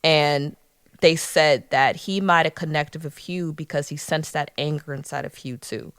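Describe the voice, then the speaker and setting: A woman from Philadelphia co-hosting a podcast in casual chat, animated and laughing, acting out quoted lines. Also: low voice, a little slow, clear, resonant tone, no echo. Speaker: podcast co-host.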